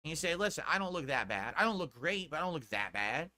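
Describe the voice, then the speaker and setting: Bright-voiced middle-aged man ranting on stream. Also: on the high side, sing-song, fast. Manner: defensive, ranting, swears often. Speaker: streamer in a played clip. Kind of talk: casual stream talk.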